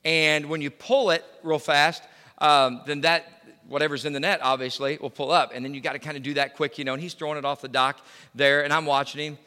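A man's voice: a little high, flat delivery, brisk, bright, forceful tone, clear, resonant tone, long reverb tail. A male pastor preaching a sermon in a conversational way, full of fillers and restarts. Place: church sanctuary.

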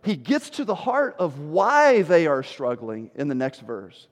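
High-voiced preacher in a reverberant hall. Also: male voice, lively intonation. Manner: emphatic preaching, dropping low and slow for scripture, rising loud for stress. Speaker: pastor. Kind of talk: sermon.

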